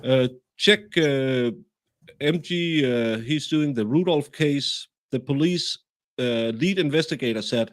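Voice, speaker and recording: A man hosting a livestream, reading viewer comments aloud and halting often as he searches for words. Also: mid-range voice. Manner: halting, many fillers and restarts. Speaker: host.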